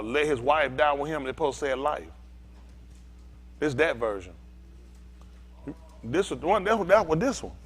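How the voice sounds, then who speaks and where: A man preaching an informal sermon, telling a story and acting out both sides of it with lots of laughter. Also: fairly high pitch. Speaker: pastor.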